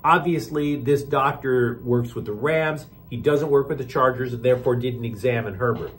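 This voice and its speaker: A man's voice: mid-range voice, moderate pace. A man hosting a daily sports news report, delivering it with sarcastic wisecracks.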